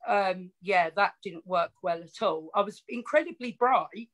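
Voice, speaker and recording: A woman's voice: medium pitch, unhurried, a bit bright, poor audio. A woman with an Essex accent, telling her life story as a podcast guest in a chatty, frank, self-mocking way. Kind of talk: casual storytelling interview.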